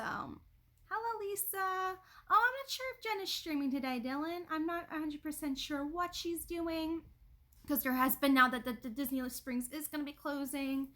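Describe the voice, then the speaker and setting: A woman's voice: high-pitched, sharp tone. A woman chatting on a livestream from her home, rambling with lots of likes and ums and greeting viewers by name. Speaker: livestream host. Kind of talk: casual livestream chat.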